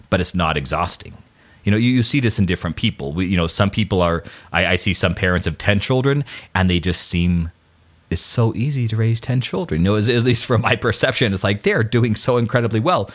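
A man with a very low voice talks through scripture in a relaxed, conversational way. He often stumbles and restarts his sentences, and he pokes fun at himself as he goes. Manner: rambling, self-deprecating, many restarts. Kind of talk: casual faith talk.

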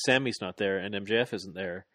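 Low guy rambling thru a wrestling recap, super dry sound. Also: a little fast, no echo. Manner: rambling, animated play-by-play with lots of fillers. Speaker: podcast co-host. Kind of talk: casual chat recapping a wrestling match.

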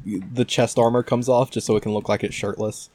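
A man's voice: on the low side, little pitch movement, a little fast, a little mellow, no room sound. A man in casual chat about an anime, thoughtful and hesitant with many fillers.

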